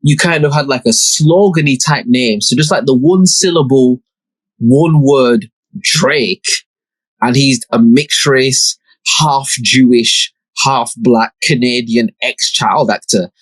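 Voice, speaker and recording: A man's voice: mid-range voice, slow pace, slightly rough, dry recording, poor audio. A young man, hosting a podcast and telling a story in a laid-back, slangy way with plenty of swearing. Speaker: podcast host. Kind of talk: casual storytelling.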